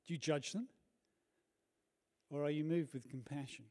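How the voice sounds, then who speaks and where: A man preaching a sermon in a church, telling a personal story earnestly, moving from hushed to loud. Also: fairly high pitch, normal speed.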